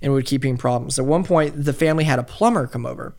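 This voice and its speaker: A man's voice: mid-range voice, fast, creaky. Swearing man telling a story. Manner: profane, animated storyteller. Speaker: podcast host telling the story. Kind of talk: casual storytelling chat.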